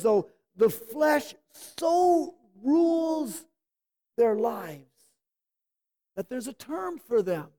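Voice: sits high, dark tone. A preacher delivering a sermon, emphatic, drawing words out and pressing the listeners with rhetorical questions.

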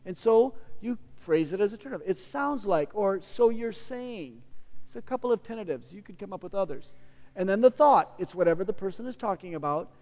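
Male pastor, high voice, casual conversational sermon delivery, long reverb of a big room. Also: expressive, quick pace, a little mellow. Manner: casual, conversational teaching with frequent restarts and playful asides.

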